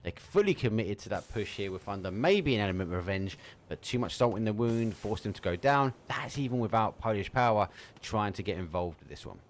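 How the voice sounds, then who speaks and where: A man with an Essex accent casting a live esports match, lively and jokey, calling people mate. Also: fairly low pitch, fairly quick. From England. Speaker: esports caster.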